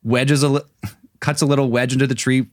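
A man's voice: mid-range voice, little pitch movement, brisk, no echo. A man in a middling register hosts a loose chat among friends, joking and swearing casually. The sound is dry and close. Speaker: podcast host.

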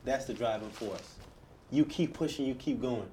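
A man's voice: medium pitch, normal speed, noisy background. A man hosting an interview, encouraging his guest and repeating phrases for emphasis. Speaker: interview host.

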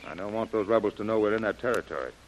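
A man acting a brisk expedition commander. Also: fairly low pitch, slight background noise, lightly acted. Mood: commanding. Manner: crisp, giving orders. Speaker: expedition leader. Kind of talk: 1930s radio acting. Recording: muffled old radio recording.

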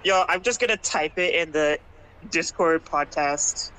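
A man's voice: fairly high pitch, measured pace, bright, forceful tone, slight background noise, poor audio. A young man in a casual podcast chat with friends, laughing often, swearing, and hesitating mid-sentence. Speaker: podcast co-host.

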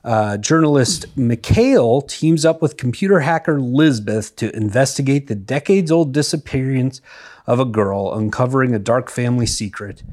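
A man's voice: medium pitch, a little mellow. A young man hosting a comedy podcast, running games and teasing his guests. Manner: runs the games, apologetic and teasing. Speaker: podcast host. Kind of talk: casual comedy podcast chat.

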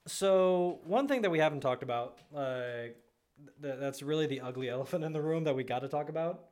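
A man's voice: on the high side, a little fast, a little mellow. A man co-hosting a podcast in casual chat, rambling with lots of fillers. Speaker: podcast co-host.

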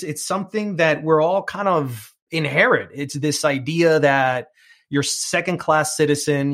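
A man's voice: on the high side, fairly bright tone. A middle-aged man with a New York accent, telling his career story as an interview guest, earnest and prone to repeating words as he starts a thought. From New York, United States. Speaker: TV presenter and film critic as interview guest.

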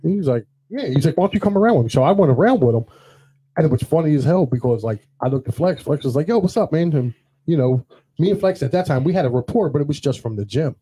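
A man's voice: fairly high pitch, fast talker, husky. A man co-hosting a show, casually telling anecdotes and acting out what others said. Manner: animated anecdote-teller, acts out quoted dialogue. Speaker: podcast co-host. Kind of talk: casual storytelling chat.

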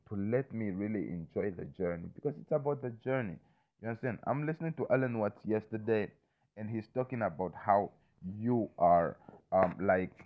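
A man in a casual, rambling monologue who repeats himself, swears freely and keeps checking that the listener follows him. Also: on the low side. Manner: loose, repetitive, swears freely, keeps asking "you understand me?". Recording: thin phone-like sound.

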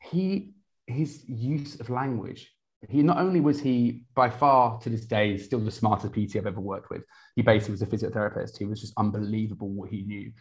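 A man, a personal trainer talking casually in an interview, energetic, with many restarts. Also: lowish voice, brisk. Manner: energetic, many restarts, quotes clients in lively voices.

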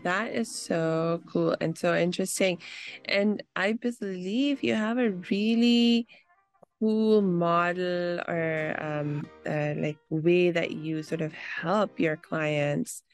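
A woman hosting a podcast, enthusiastic as she welcomes and interviews her guest. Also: on the low side. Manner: enthusiastic, warm greetings. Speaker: podcast host.

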